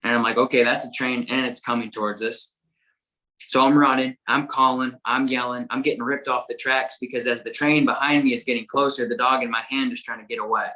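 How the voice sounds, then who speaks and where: A man guest on a podcast who tells a story in a casual, excitable way, swearing often and tripping over repeated words. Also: mid-range voice, fast, few pauses, rough recording. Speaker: podcast guest, dog trainer.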